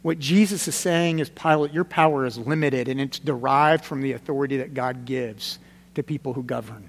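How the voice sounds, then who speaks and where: In a large hall, a man with a mid-range voice preaches at an ordinary pace. His pastoral style is chatty yet forceful, circling back to key points before settling into hushed seriousness.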